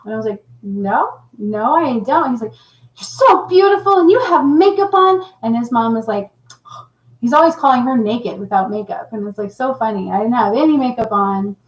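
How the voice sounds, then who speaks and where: A woman's voice: a little high, normal speed. Chatty middle-aged woman, echoey room. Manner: chatty, laughing, animated retelling. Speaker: livestream host. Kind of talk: casual livestream chat reading comments.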